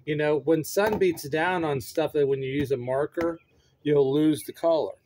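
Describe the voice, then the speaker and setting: A man's voice: fairly high pitch, normal speed, darkish tone. A man chatting in a goofy, playful way on a casual home video, rambling and laughing often, recorded on a phone on a stand. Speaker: vlogger.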